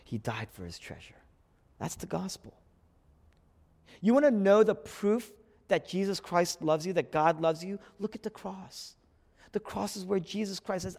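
A man preaching a sermon as a pastor, swinging from loud emphatic peaks down to near-whispered lines. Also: high voice, animated, unhurried, gravelly. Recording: long hall reverb.

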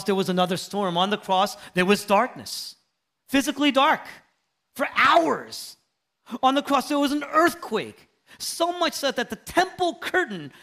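Animated high-voiced preacher. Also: male voice. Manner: dramatic swings from loud calls to hushed near-whispers. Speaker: pastor. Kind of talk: sermon. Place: church sanctuary.

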